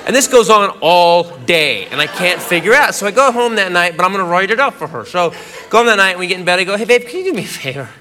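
A man doing a stand-up comedy routine, telling a story with acted-out quotes and bursts of shouting. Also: high voice, animated, fast talker. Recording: live club with loud crowd noise.

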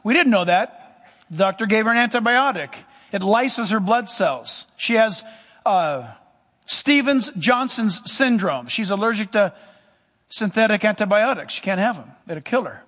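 Male pastor, very high pitched, emphatic sermon storytelling, long hall echo. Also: animated, unhurried, fairly bright tone.

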